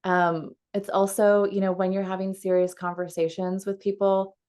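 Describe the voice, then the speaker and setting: A woman coach leading a casual teaching call from home over a video call, chatty and quick to laugh, with frequent fillers. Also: mid-range voice, little pitch movement, mellow.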